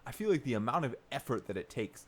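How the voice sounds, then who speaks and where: A man's voice: mid-range voice, very animated, quick pace. A man co-hosting a podcast in casual chat, teasing with dry jokes and laughing a lot. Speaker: podcast co-host.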